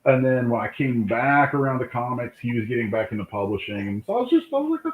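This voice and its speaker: A man, a comic book artist, telling lively anecdotes in a casual interview, acting out the voices of people in his stories. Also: medium pitch, fast, few pauses. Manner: animated anecdote-telling, acts out quoted voices. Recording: tinny call line in an echoey room.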